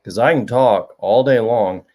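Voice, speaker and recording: A man's voice: mid-range voice, measured pace, darkish tone. A middle-aged man hosting a casual chat show, telling a rambling story with many restarts. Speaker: show host. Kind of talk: casual chat to a live audience.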